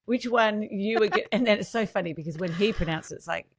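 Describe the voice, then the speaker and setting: A woman's voice: medium pitch, quick pace, crowd noise. A woman with an Australian accent hosting a podcast interview, laughing often as she tells a story. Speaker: podcast host. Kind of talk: casual interview chat.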